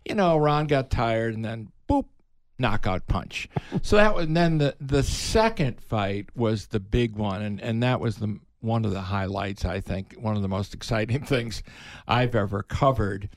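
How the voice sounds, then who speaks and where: An older man, a veteran broadcaster, telling animated stories in a casual interview, his voice jumping up when excited. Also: a little slow, no room sound. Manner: animated storyteller, pitch jumps up when excited. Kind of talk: reminiscing in casual conversation.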